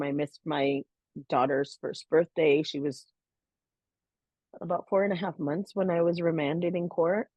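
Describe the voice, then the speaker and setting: A woman's voice: low voice, darkish tone, no room sound, highs cut off. A woman co-hosting a podcast, earnestly telling her own story in a heartfelt, casual way, with many "you know"s and "um"s. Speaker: podcast co-host. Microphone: podcast microphone.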